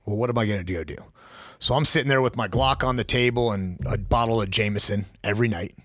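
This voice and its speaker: A man's voice: fairly low pitch, fast talker, a bit bright, dry recording, clean studio sound. A man in his forties, a former law enforcement officer, telling a personal story as a podcast guest, blunt and raw, swearing freely.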